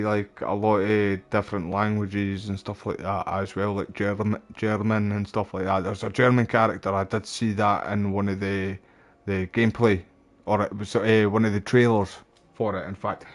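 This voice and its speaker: A young Scottish man streaming a game, chatting casually to his viewers and calling them mate. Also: on the low side. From Scotland. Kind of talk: casual live-stream chat while playing.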